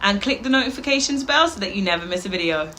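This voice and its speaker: A woman with a Birmingham accent hosting a reaction video, chatting casually with excitable outbursts and swearing. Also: mid-range voice, fast, a little hiss or hum.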